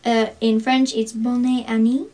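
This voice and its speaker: A woman's voice: on the high side, little pitch movement, unhurried, dark tone. A woman answering and reading trivia in casual chat, dry and offhand. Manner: dry, offhand, mildly reluctant. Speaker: trivia quiz partner.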